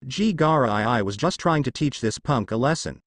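A hotheaded teenage ninja bully with a brash, lively voice, read by a male storyteller. Dry, close audiobook sound. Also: medium pitch, fairly quick, dry recording. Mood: nervous.

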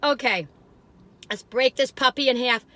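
Bright-voiced older woman rambling. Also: fairly high pitch, expressive, normal speed, no echo. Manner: rambling, folksy, exclamatory. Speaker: cookie review vlogger. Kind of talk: casual chatty food review.

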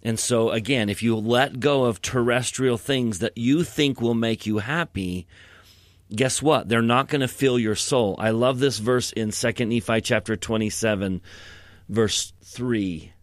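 A man's voice: mid-range voice, a little slow, no room sound. A man co-hosting a scripture podcast, explaining earnestly and reading verses at length. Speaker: podcast co-host. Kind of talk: casual scripture discussion.

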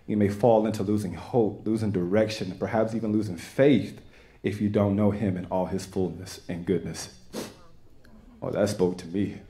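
A young man with a Texan accent giving an earnest, halting personal testimony to a church congregation. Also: on the low side, steady tone, mellow. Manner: earnest, halting, with many restarts. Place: church sanctuary.

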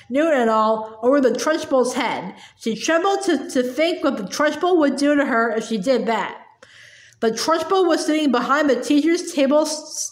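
A woman reading a children's novel aloud with expression, stumbling and repeating words now and then, in an echoey room. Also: high-pitched. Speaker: storyteller.

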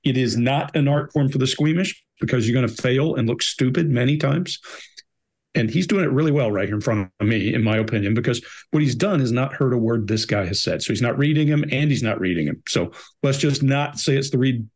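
A man's voice: mid-range voice, expressive, fairly quick. A man on a behavior analysis panel, giving blunt, emphatic commentary on an interrogation.

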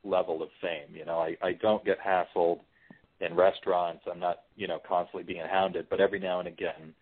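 Deep-voiced guy on a phone interview, chatty and relaxed, lots of restarts, sounds tinny. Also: a little fast. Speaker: interview guest, screenwriter and voice actor. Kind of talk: casual interview chat.

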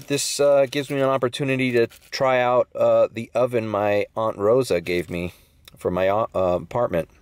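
Ranting man driving his car. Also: medium pitch. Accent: Latino-accented English. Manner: blunt, swearing, sarcastic. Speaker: food delivery driver. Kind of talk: casual rant vlog.

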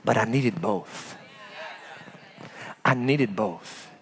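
A man preaching a sermon as pastor, telling stories with big swings from loud to hushed. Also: fairly low pitch, drawn-out words. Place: church.

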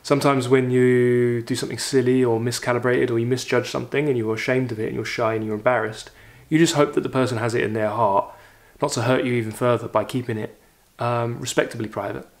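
A man reading a short story aloud as a literature teacher, lifting his voice for the characters' lines and pausing for reflective commentary. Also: medium pitch. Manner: expressive reading, raises voice for quoted lines, reflective asides.

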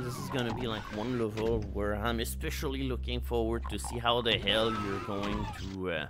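A man giving casual, chatty commentary while playing a shooter on stream, swearing freely. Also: fairly low pitch. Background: loud game music.

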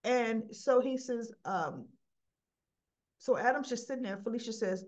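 A woman's voice: fairly high pitch, unhurried, a little mellow, muffled recording. Chatty woman recapping a soap. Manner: chatty retelling with quoted dialogue. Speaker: soap opera reviewer. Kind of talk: casual recap vlog.

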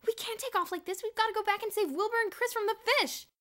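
A woman voicing a bold, quick-thinking schoolboy leader in an audiobook, urgent and commanding. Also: very high voice, a bit bright, voice pushed up. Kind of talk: audiobook character voice.

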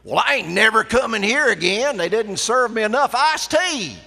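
Man doing a high country woman, North Carolina sound-side drawl, loud, echoey banquet hall. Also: animated, moderate pace, creaky, full character voice. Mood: complaining.

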